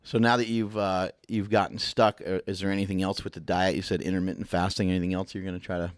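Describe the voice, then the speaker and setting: A man's voice: low voice, level tone, quick pace, no echo, studio quality. A man hosting a podcast in casual chat, telling rambling, profane stories. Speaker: podcast host.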